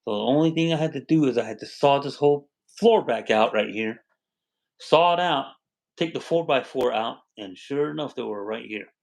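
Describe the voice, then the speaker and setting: A man's voice: mid-range voice, animated, moderate pace, gravelly, poor audio. Older man chatting on a home livestream. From Arizona. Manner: rambling, warm storytelling, thanks viewers by name. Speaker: livestream host. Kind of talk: casual livestream chat. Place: home with a wood stove.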